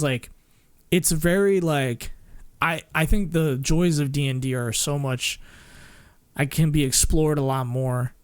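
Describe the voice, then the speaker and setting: A man streaming and chatting casually, rambling with lots of fillers, restarts and little laughs. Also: mid-range voice. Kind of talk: casual chat with chat.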